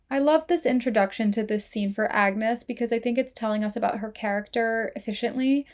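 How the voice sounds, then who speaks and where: Woman host, casual film review, chatty and full of "like", voice sits a bit high. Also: fairly even intonation, a little mellow. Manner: chatty, peppered with "like", quick asides.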